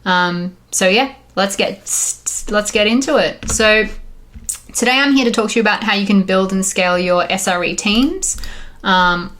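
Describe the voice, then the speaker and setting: A woman's voice: medium pitch, moderate pace, a bit bright. A woman in her thirties with an Australian accent, giving a chatty, upbeat conference talk as an engineer, with frequent ums along the way. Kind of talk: conference presentation.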